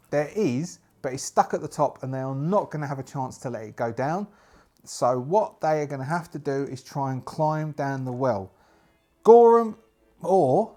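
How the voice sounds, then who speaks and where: A man's voice: fairly high pitch, a little mellow. Chatty man narrating a solo tabletop game. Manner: chatty, thinks aloud over dice rolls.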